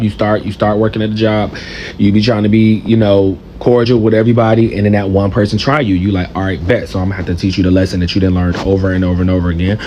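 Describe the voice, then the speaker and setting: A man with a lowish voice rants bluntly in heavy slang and circles back over the same point. Light background hiss runs under his casual talk to camera. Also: a little mellow. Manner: blunt, slangy, repeats himself. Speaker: social media commenter.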